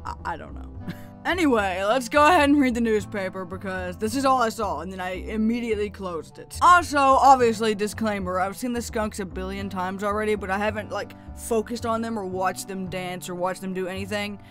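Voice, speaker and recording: This is a woman talking through a game as a casual commentator, chatty and quick to laugh. She sounds a little groggy, as if she has only just woken up, but her tone stays bright and sharp. Faint music plays underneath her voice. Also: mid-range voice. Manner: chatty, excitable, laughs often. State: just woke up, voice lower than usual. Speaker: gaming YouTuber.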